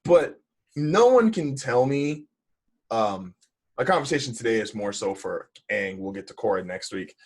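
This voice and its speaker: A man talks as a podcast co-host in a husky voice, and his pitch swings widely as he makes his points. He is emphatic and opinionated, with plenty of casual profanity. His voice sits mid-range for a man. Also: expressive, normal speed, darkish tone.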